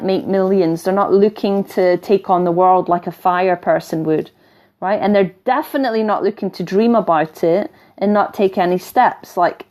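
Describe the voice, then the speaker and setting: A spiritual teacher with a mixed English and Scottish accent speaks in a medium-pitched, slightly mellow voice. Her teaching style is casual and blunt, and she keeps checking in with listeners by asking "right?". She swears lightly now and then.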